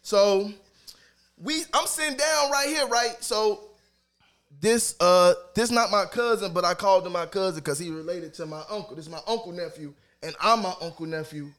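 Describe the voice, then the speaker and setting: A man with a strikingly high voice for a man tells a rowdy comic story in loose, casual chat. He is animated and profane, and he jumps into the voices of the people he quotes. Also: moderate pace. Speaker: storyteller on a live stream.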